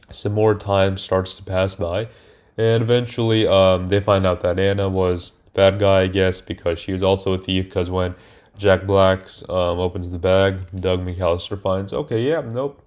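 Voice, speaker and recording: Deep-voiced man rambling through a film recap. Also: a little mellow. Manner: rambling, hesitant, many fillers and self-corrections. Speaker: movie reviewer. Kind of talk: casual spoken film recap.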